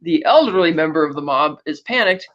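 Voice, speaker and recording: A man's voice: on the high side, animated, brisk, a bit bright, highs cut off. A man hosting a podcast, recapping a film in casual, rambling chat full of fillers, often putting on voices for the characters. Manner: rambling, many fillers and restarts; acts out character quotes. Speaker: podcast host.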